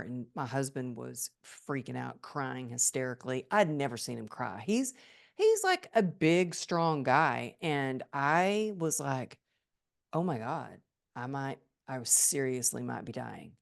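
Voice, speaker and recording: A woman guest on a podcast, telling a personal story in an animated, emphatic way. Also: extremely low pitch, vocal fry. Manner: animated and emphatic, acts out remembered thoughts.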